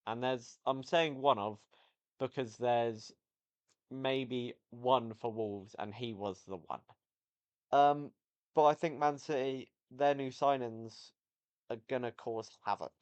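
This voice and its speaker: A man's voice: medium pitch, slow, clean tone. A man giving a casual, rambling football match review, often correcting himself as he goes. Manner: rambling, self-correcting, enthusiastic. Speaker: football vlogger.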